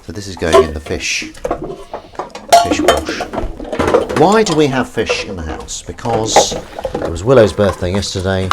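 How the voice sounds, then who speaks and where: A man's voice: deep voice, very animated, a little slow. Chatty man at a noisy sink. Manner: rambling, self-correcting, chatty asides to viewers. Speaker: live stream host. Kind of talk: casual chat while washing up. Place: home kitchen. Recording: loud sink and kitchen noise.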